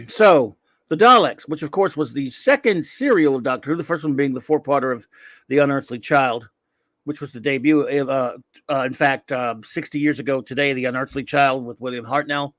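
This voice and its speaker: A man's voice: medium pitch, normal speed, a bit bright, no echo. Rambling man with a dry close sound. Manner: rambling, digressive, full of fillers and restarts. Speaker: show host. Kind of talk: casual fan commentary. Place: home room at night.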